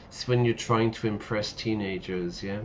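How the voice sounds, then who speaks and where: A man streaming a game and teaching English, playfully explaining words with many yeah? asides. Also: on the low side. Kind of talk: casual commentary while playing. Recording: dull lo-fi mic with faint noise.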